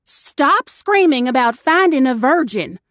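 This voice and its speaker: Woman doing a shrill, exasperated boss lady. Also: expressive, moderate pace, no room sound, studio quality. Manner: sharp, high, loud scolding. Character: exasperated bossy woman who scolds a rowdy crew.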